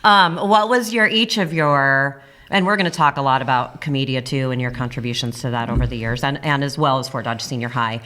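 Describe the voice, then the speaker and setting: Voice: medium pitch, fairly quick, bright, forceful tone. A host asking questions in a casual interview chat and encouraging the guests. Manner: encouraging, short replies.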